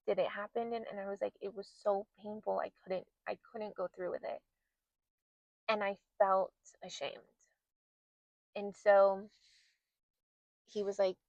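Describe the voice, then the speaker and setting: A woman's voice: mid-range voice, creaky, no echo, dull audio. Candid woman telling her own story. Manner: candid, emotional, re-enacts her own past words. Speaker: podcast host. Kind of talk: personal storytelling.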